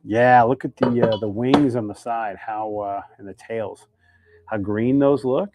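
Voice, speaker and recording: A man's voice: mid-range voice, unhurried, a little mellow, dry recording. A man hosting a casual live stream while making fishing baits, chatting and reading viewer comments aloud. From Idaho, United States.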